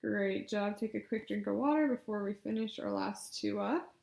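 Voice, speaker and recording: A woman leading speech exercises, coaching patiently with encouragement and loud spoken demonstrations. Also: medium pitch, normal speed, gravelly. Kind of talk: guided exercise instruction. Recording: echoey room.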